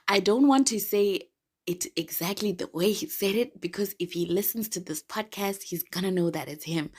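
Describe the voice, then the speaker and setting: A woman's voice: lowish voice, moderate pace, a little mellow. A young woman from Zimbabwe hosting a podcast, telling a personal story in a playful, giggly, dramatic way that drops now and then into whispers. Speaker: podcast host. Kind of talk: casual storytelling monologue.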